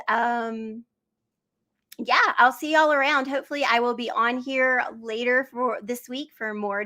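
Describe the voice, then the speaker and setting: A woman's voice: on the high side, sharp tone. A woman hosting a devotional livestream from home in a casual, enthusiastic, rambling way, reading out and answering viewers. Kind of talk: casual live-stream chat.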